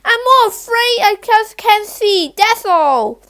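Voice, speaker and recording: A woman reading aloud, voicing an excitable schoolboy who insists bats are vampires. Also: extremely high pitch, takes it slowly, pitched above the performer's own voice, heavily acted. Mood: insistent.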